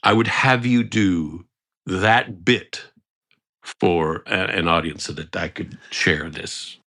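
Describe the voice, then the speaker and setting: A man's voice: low-pitched, takes it slowly, sharp tone. A man co-hosting a podcast, telling stories in casual chat with eager enthusiasm. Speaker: podcast co-host.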